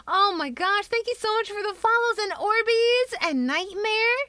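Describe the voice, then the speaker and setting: A woman's voice: very high voice, lively intonation, a little slow, hardly any pauses, pushed and bright. A woman streamer who chats, reads a story aloud and greets viewers in a bubbly, giggly, gushing way. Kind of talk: casual stream chat and book reading. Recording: guitar music behind.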